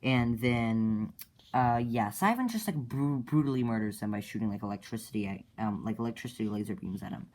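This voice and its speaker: A man's voice: lowish voice, steady tone, a little fast, a little mellow. Rambling casual male storyteller. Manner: rambling, full of fillers and restarts.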